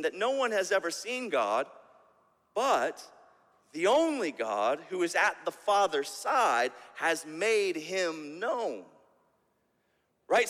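A man's voice: high-pitched, a bit bright, long reverb tail. A man preaching a sermon as pastor, tagging his points with "right?" and often repeating words as he restarts.

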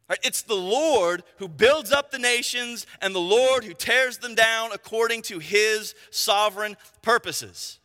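A man's voice: high-pitched, unhurried, hardly any pauses, pushed and bright. A man, a pastor, preaching a sermon with emphatic delivery and frequent asides of "right?" to the congregation. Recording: long reverb of a large hall.

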